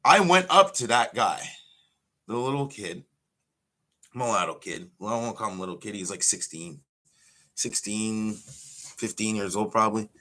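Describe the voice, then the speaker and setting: Pro wrestler, male, blunt and foul-mouthed, bright edge to a lowish voice. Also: lively intonation, a little slow, long pauses. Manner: profane, blunt storytelling. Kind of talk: casual livestream rant.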